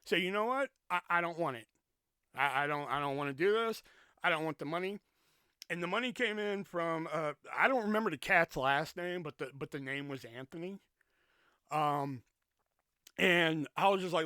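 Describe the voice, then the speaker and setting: A podcast host telling a story in a rambling, profane, animated way, in a casual storytelling rant. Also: male voice, high voice, normal speed, smooth, dry recording. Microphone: podcast mic with pop filter.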